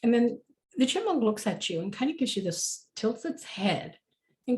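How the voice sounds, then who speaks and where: A woman guides a meditation in a warm, mellow voice. She talks loosely and chattily and leans on fillers as she goes. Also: fairly high pitch, sing-song, normal speed. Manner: casual, chatty, many fillers.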